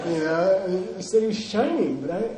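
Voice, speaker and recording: A man's voice: sits high, lively intonation, moderate pace, a crowd in the background. Playful man teaching a noisy class. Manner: playful, joking, drills students. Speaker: language teacher. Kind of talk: classroom language lesson. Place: classroom with students. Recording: echoey room with class audience.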